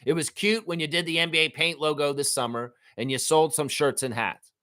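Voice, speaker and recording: A man's voice: a little high, a little fast, sharp tone, no echo, studio quality. A man hosting a live fan reaction show, ranting in a profane, exasperated way with repeated outbursts. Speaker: sports show host.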